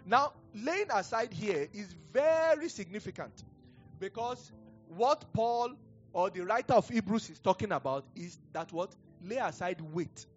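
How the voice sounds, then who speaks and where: Speaking in a high, animated voice without hurry, a middle-aged Nigerian-accented pastor preaches a chatty, rambling sermon. He keeps drifting into stories punctuated by chuckles, and the lo-fi recording sounds dull, with faint music behind him.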